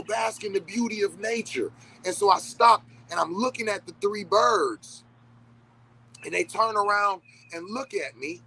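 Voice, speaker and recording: A man telling a casual, profane story, animated and talking straight to his listeners. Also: high-pitched, a little hiss or hum, low-quality recording. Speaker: storyteller host.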